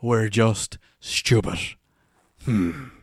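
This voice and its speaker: A man's voice: fairly low pitch, very slow, gravelly, a little hiss or hum. An Irish man in his forties, a podcast host rambling through funny anecdotes and laughing at his own stories. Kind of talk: casual anecdotal storytelling.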